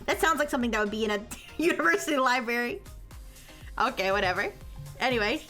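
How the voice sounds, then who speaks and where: High bright woman streamer rambling to chat, keeps restarting sentences, faint music under her. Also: lively intonation, fast talker. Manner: rambling, self-interrupting, laughs often. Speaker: livestream host. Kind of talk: casual live-stream chat.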